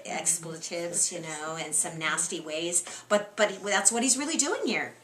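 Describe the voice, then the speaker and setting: A woman's voice: on the low side, unhurried, a bit bright, reverberant. A woman leading an interactive Bible study, asking her group questions and reading scripture aloud with expression. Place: room with a small group.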